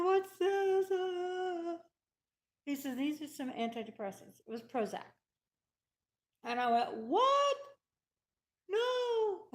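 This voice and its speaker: A woman telling a personal story in a casual, emphatic way, repeating her points and acting out the dialogue she quotes. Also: mid-range voice.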